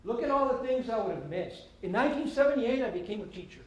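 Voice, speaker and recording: A man, giving a lively storytelling talk to students as a guest speaker and slipping in Spanish phrases. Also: very high voice, quick pace. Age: 50s. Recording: echoey hall with faint ambience.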